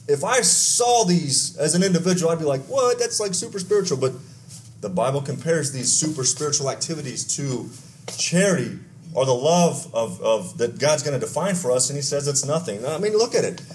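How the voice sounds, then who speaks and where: A pastor from Texas, preaching a conversational sermon with asides, stories and questions to the congregation. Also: male voice, mid-range voice, animated, normal speed, darkish tone, slight background noise.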